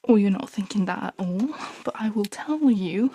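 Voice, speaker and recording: A young woman with the flu, breathy and half-whispering as she sighs and pants through a rambling, casual vlog while clearing out a bedroom. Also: medium pitch, lively intonation, moderate pace, warm tone, a little hiss or hum. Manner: breathy, half-whispered, sighing between tasks. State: sick with flu, panting and sniffly. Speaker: vlogger. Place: bedroom at home.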